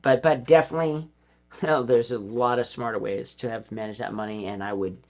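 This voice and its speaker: Man, middle-aged, podcast guest, rambling, swears a lot, laughs often, mid-pitched voice. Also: steady tone, fairly quick. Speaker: guest, former pro skater. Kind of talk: casual podcast interview. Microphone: podcast studio mic.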